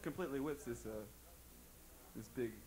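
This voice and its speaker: A man's voice: mid-range voice, normal speed, a little mellow, soft background music, low-quality recording. A man on a concert stage telling a rambling joke, stalling with fillers and losing his thread, into a stage microphone. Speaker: comedian.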